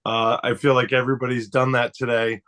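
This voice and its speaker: A man's voice: medium pitch, level tone, a little fast, a bit bright. Giggly, emotional man on a call. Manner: giggly, emotional, self-deprecating. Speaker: participant. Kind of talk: casual thanks on a video call. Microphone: video call.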